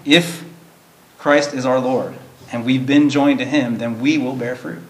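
Male Bible study teacher, mid-pitched, earnest and plain-spoken, in an echoey room. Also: steady tone, measured pace. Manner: earnest, explains plainly, reads verses in King James wording. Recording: roomy echo.

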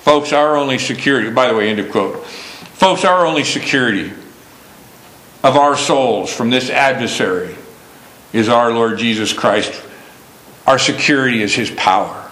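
A man preaching a sermon slowly and emphatically, stressing key words. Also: mid-range voice, a bit bright, roomy sound, low-quality recording.

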